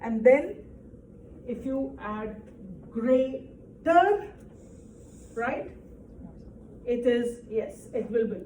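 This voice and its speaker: Her mellow voice is on the high side, and she draws out words with long pauses. Teaching an English grammar lesson, she explains patiently and keeps checking with "right?"; the distant mic picks up room echo and faint noise.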